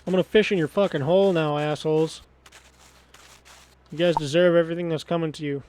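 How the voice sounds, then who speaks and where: A man's voice: a little high, fairly even intonation, brisk, a little mellow, slight background noise. A man giving profane, exasperated let's play commentary on a game. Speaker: game streamer.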